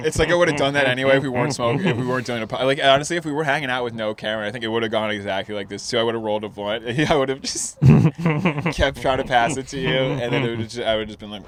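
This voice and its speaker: A young man in casual chat, high and rambling, swearing and laughing often as he talks. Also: quick pace, a crowd in the background. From New Jersey. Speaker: guest comedian. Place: outdoors on a porch.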